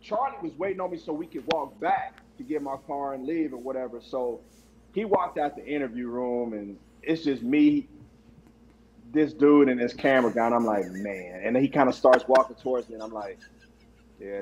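A man's voice: mid-range voice, fairly quick, a little mellow, lo-fi sound, slight background noise. A man in his forties, a former football player, casually telling a story with slang and frequent laughs. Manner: laid-back, laughs often, slangy.

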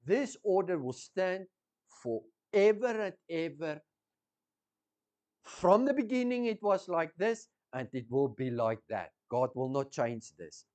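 A man preaching a sermon, teaching slowly, repeating key words and asking the congregation questions. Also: a little high, sing-song, darkish tone.

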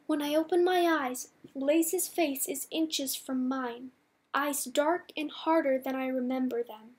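Slow, high-voiced woman reading a novel. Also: darkish tone. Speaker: audiobook reader. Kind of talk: first-person novel reading.

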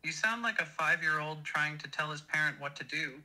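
A man's voice: on the high side, fairly quick, bright, forceful tone, poor audio. A synthetic male voice as a taunting AI chatbot. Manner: mocking, taunting insults. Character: rude insulting male AI chatbot clone.

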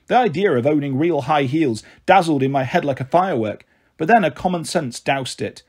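A man reading a children's novel aloud as narrator, with expressive storytelling. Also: on the high side, a little fast, breathy edge. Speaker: audiobook narrator.

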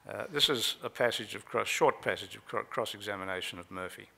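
A man speaks at a conference lectern, recounting a trial in a measured way with frequent pauses. His voice sits a little low, with a gravelly edge and a bright, forceful tone. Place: conference hall.

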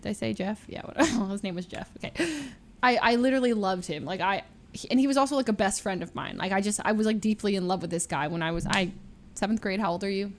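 A young adult woman streamer telling stories in casual chat, animated and full of fillers, acting out the voices she quotes. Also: medium pitch, fast talker, a little hiss or hum.

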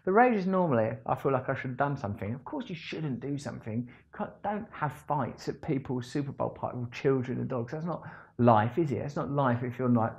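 Animated man telling a story. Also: brisk, highs cut off. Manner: animated, swings between loud outbursts and low asides. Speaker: vlogger. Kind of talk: storytime monologue.

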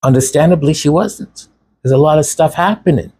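A man's voice: a little high, fairly quick, darkish tone, slightly rough. A man hosting a raw commentary monologue, impassioned and sarcastic. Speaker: channel host.

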